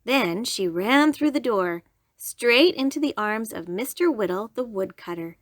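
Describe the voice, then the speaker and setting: Slow, lilting woman reading a storybook. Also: on the high side, animated, dry recording, clean studio sound. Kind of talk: children's storybook read-aloud.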